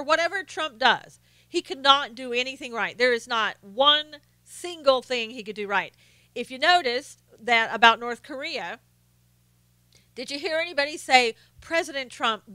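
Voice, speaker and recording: A woman hosts her own live stream, talking through her opinions in a casual way and stopping to greet viewers from the chat. Her voice is bright and crisp, sitting a little high. The sound is close and dry, with no room echo. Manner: opinionated, greets viewers by name, frequent fillers and restarts. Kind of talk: casual political commentary.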